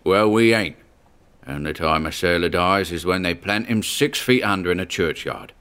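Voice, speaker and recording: A man voicing a gruff old male sailor ghost who talks in a laconic, folksy drawl. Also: sits low, normal speed, fairly bright tone.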